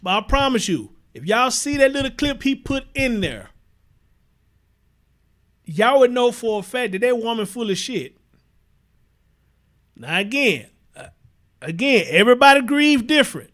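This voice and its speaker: A man's voice: very high-pitched, very animated, a little slow, long pauses, a bit bright. Blunt profane man streaming commentary. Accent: Southern US, Houston. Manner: blunt, profane, repeats himself, reads viewer comments aloud. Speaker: livestream host. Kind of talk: casual livestream commentary.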